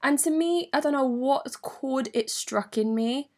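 A young woman from London with a London accent, telling a personal story in a candid, animated, sweary way full of slang. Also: sits high, unhurried. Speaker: vlogger. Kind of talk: storytime monologue.

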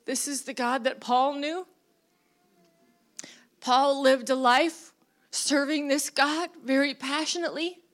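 A woman's voice: sits high, fairly even intonation, takes it slowly, pauses often, a bit bright. A woman preaching a sermon in a conversational way, with fillers and laughs, rising to emphatic bursts.

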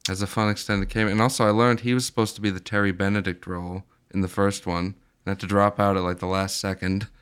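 Here a man with a lowish, smooth and clear voice talks films in an easygoing podcast chat. He drops dry, wry jokes with a relaxed, offhand delivery. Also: fast. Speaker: podcast co-host. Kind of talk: casual chat about movies.

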